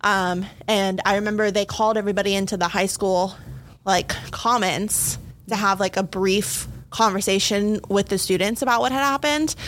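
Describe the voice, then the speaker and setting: A woman's voice: medium pitch, fairly bright tone. A young adult woman, a teacher and coach, talking openly and casually as a podcast guest, with lots of "like" and "um". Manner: open and candid, many fillers like "like" and "um". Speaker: third grade teacher and cross country coach, podcast guest. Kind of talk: casual conversational storytelling.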